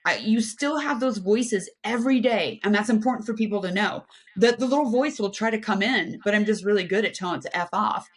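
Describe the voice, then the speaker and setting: A woman's voice: medium pitch, brisk, hardly any pauses, husky. A woman in her fifties from the United States, a podcast guest telling her life story with energy, talking at length in long flowing runs. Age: 50s. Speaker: guest, aerospace engineer and adventure athlete. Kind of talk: animated personal storytelling.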